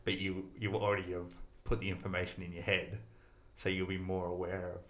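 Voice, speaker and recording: A man talking casually as a nutrition coach, giving relaxed advice with lots of fillers. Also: deep voice, fairly quick, roomy sound. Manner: relaxed, advisory, filler-heavy. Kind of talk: casual interview chat.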